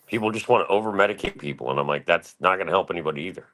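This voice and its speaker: Man, forties, very low voice, rambling, swears a lot, slangy casual chat. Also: racing, fairly bright tone, a little hiss or hum. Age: 40s. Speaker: panel guest.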